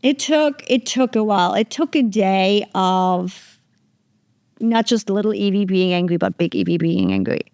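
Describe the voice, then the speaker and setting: A woman's voice: mid-range voice, very animated, unhurried, a little mellow, no echo. A woman hosting a podcast interview, talking frankly and animatedly, swearing freely and acting out her own reactions. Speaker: podcast host. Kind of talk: candid conversational interview.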